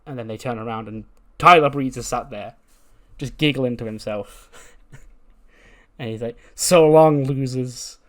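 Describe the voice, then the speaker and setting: A man's voice: mid-range voice, normal speed, long pauses, fairly bright tone. Rambling, laughing man narrating a game. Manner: rambling, laughing, swears casually. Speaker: let's play host. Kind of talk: casual game story commentary.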